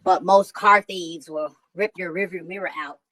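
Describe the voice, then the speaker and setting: A woman's voice: on the low side, moderate pace, low-quality recording. Woman hosting a stream, cussing a lot, telling a story in her own slangy way. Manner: profane, animated, heavy slang. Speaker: livestream host. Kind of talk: casual storytelling chat.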